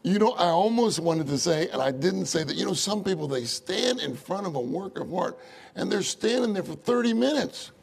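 A man preaching a sermon in an animated way, often asking the audience rhetorical questions and chuckling through his stories. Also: high voice, normal speed, creaky, husky. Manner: chuckles often while telling anecdotes.

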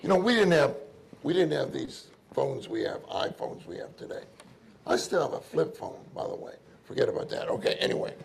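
A man giving an informal, earnest sermon at a meeting, crying out loudly when he calls on the Lord. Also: a little high, sing-song, brisk, creaky, slight background noise. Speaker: preacher at a church meeting.

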